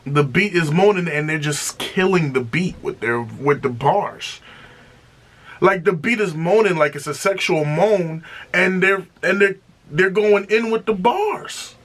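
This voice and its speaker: A man hosting a music reaction video, talking casually and excitedly, often repeating himself and breaking into exclamations. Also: high voice, a little slow.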